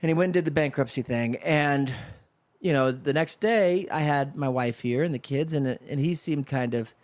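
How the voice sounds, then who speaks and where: A man's voice: a little high, normal speed, no room sound. A man hosting a solo comedy podcast, rambling through a story and slipping into voices for the people in it. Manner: rambling, riffing with acted-out voices. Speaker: podcast host. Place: home studio.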